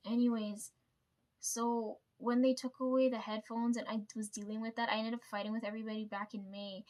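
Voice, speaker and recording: A woman's voice: fairly high pitch, flat delivery, brisk, a little mellow. A young woman from Canada, venting in a casual monologue, blunt and swearing a lot, tagging sentences with "right?". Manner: blunt, heavy swearing, constant "right?" tags. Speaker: vlogger.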